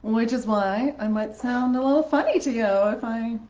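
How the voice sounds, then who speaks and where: A woman with a Canadian accent, a voice teacher chatting on a live stream, upbeat and quick to laugh. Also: on the high side, darkish tone. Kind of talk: casual live-stream chat. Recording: echoey room, slightly dull sound.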